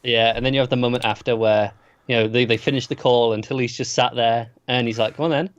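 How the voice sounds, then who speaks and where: A man co-hosting a casual TV review podcast, chatting in a relaxed way with wry asides. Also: mid-range voice, fast talker, no room sound. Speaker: podcast co-host. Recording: slightly dull, dry mic.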